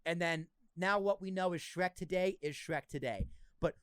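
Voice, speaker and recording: A young man hosting a podcast, chatting casually in an excitable, joking way with frequent swearing. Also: sits high, normal speed, smooth, no room sound. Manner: excitable, swearing, riffs and jokes. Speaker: podcast host.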